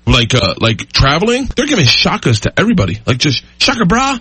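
A man's voice: medium pitch, wildly swooping pitch, fast, bright, forceful tone, slight background noise. A middle-aged man telling rambling stories as a podcast guest, often laughing mid-sentence. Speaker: guest storyteller. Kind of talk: casual podcast chat.

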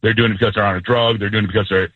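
A male EMT calling in by phone, explaining his work in a steady, matter-of-fact way. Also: on the low side, very fast, breathy edge, dry recording. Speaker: caller, EMT. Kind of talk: phone-in conversation. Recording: phone line.

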